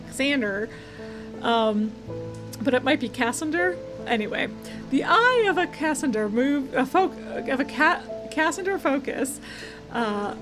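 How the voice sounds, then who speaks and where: Chatty young woman streamer, music behind. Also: on the high side. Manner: chatty, thinks aloud, reads text aloud with self-corrections and laughs. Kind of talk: game let's play commentary. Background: background game music.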